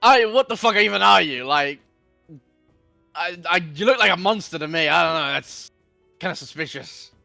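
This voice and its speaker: A man's voice: high voice, huge pitch swings, fairly quick, creaky, hardly any pauses, bright, forceful tone, soft background music, heavily acted. A man playing a rude, scaly, horned adventurer who is blunt, dismissive and swears freely.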